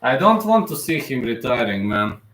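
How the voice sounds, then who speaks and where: A man's voice: medium pitch, sing-song, moderate pace, a bit bright, roomy sound, low-quality recording. A man in his thirties hosting a live fight reaction stream, talking in an emotional, repetitive fan manner. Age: 30s.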